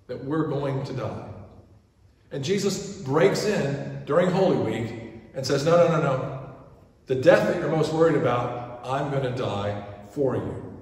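A man preaching a sermon as pastor, shifting from loud quoted pleas to hushed asides. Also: medium pitch, expressive, measured pace. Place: large church sanctuary. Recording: echoey church from far off.

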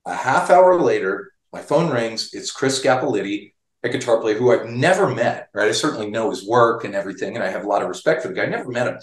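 A man's voice: on the low side, lively intonation, fast talker, hardly any pauses, roomy sound. A man, a guitar magazine writer, telling a long story in an interview, chatty and full of restarts.

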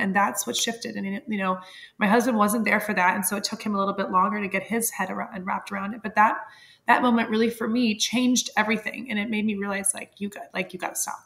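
A woman's voice: medium pitch, fairly even intonation, brisk, gravelly, a bit bright. A woman in her thirties, a podcast guest, telling a personal story candidly and with feeling, laughing often and using many fillers.

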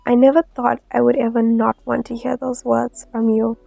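A woman voicing a tender young male hero boyfriend in a fanfiction reading, speaking in a soft, choked-up way. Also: fairly high pitch, little pitch movement, normal speed, creaky, no echo. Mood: earnest. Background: faint lofi music.

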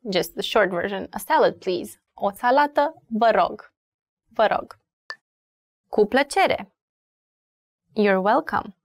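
Romanian-accented woman teacher, unhurried and patient, dry close sound, mid-pitched. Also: no echo. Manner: slow and patient, repeating words clearly with fillers. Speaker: language teacher. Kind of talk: beginner language lesson.

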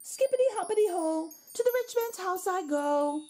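A woman's voice: very high voice, slow, darkish tone, voice pushed up. A woman voicing a cheeky magic wok that chants a sing-song rhyme.

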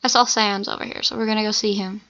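A woman's voice: medium pitch, fairly even intonation, fast, pushed and bright, lo-fi sound. Chatty woman narrating her gameplay. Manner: chatty, self-talking asides. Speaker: let's play gamer. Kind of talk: casual gameplay commentary.

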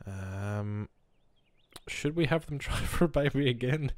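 A man's voice: medium pitch, animated, measured pace, dry recording, clean studio sound. A young man giving chatty gameplay commentary as a let's play host, muttering reactions as he goes.

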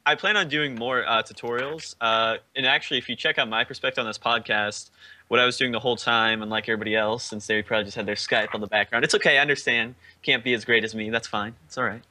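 A man with a very bright, sharp voice rambles on a casual gaming podcast. He stammers through restarts and brags in jest. His tone stays edgy and pressed throughout. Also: medium pitch, fairly even intonation, quick pace. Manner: rambling, stammering, mock-boastful. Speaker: podcast co-host, modding tutorial maker.

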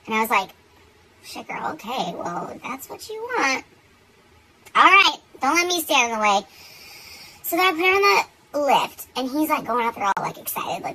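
A young woman telling a story in casual, animated chat, swearing freely and getting worked up. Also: sits high, moderate pace, pauses often, rough recording. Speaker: beauty vlogger.

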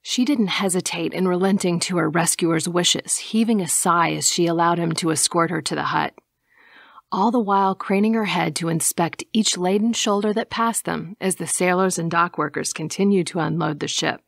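A woman narrating an audiobook in a measured, even reading, dropping to a hush at times. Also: lowish voice, gravelly, no room sound, clean studio sound.

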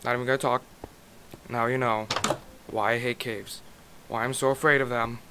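A man's voice: medium pitch, little pitch movement, moderate pace. Frustrated man grumbling over a game. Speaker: gaming YouTuber. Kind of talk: casual let's-play commentary. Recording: loud background noise.

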